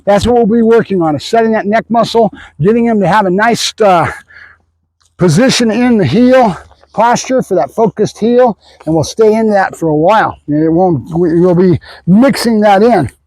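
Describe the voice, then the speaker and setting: A man who is a dog trainer, explaining his methods in a casual way and often checking in with the viewers with a quick "right?". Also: sits high, a little mellow, no echo, low-quality recording. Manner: casual, talks to the viewers with frequent "right?" asides.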